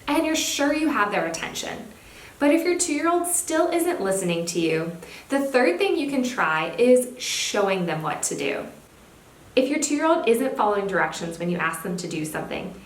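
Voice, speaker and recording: A young woman, a speech therapist, giving parenting tips in a clear, upbeat teaching manner. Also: fairly high pitch. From California. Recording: echoey room, faint background hiss.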